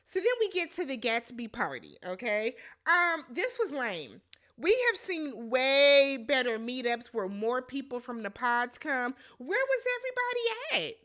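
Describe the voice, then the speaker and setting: Female recap host, high and bright voice, animated, blunt, exclaiming. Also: unhurried. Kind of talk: casual recap commentary.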